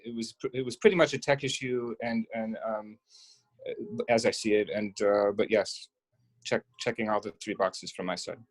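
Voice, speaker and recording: A man's voice: on the low side, steady tone, normal speed, rough recording. A man speaking on a group video call in a hesitant way, with many restarts.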